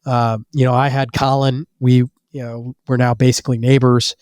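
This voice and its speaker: A man's voice: medium pitch, level tone, a little mellow, clear, resonant tone, no echo, clean studio sound. A man with a cold and a nasal voice, answering interview questions casually, repeating words as he goes. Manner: halting, repeats words, many fillers. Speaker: guest, business owner.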